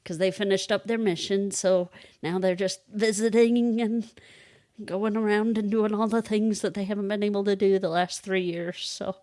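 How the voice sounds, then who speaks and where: Chatty mom podcaster, middle pitch, lots of laughing, super dry close mic. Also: female voice, little pitch movement, moderate pace, dark tone, no room sound. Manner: chatty storyteller who laughs often. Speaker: podcast co-host and kindergarten reading teacher. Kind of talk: casual chat.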